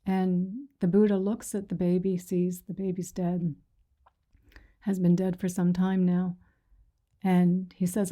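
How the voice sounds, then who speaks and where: Woman meditation teacher, dark tone, even delivery, soft and reassuring, slips into whispers. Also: on the low side, slow. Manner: gentle, reassuring, soft-spoken; retells stories with quoted voices. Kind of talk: dharma talk to a sangha.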